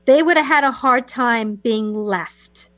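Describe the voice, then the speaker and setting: A woman on a call-in radio show, gently counselling a caller in a soothing, meandering way with many fillers and restarts. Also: a little high, takes it slowly, no room sound. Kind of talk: gentle spiritual advice to a caller.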